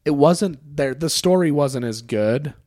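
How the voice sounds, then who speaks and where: A man co-hosting a podcast in casual chat, talking freely with fillers and getting animated when he makes a point. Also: fairly high pitch, a little slow, no echo. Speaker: podcast co-host.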